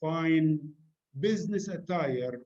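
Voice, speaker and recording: A man's voice: a little high, expressive, slow, darkish tone. A man from the UAE speaking casually to an audience about etiquette, chatty and direct with many fillers and asides. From United Arab Emirates. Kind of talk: informal talk to an audience. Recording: slightly dull, lo-fi sound.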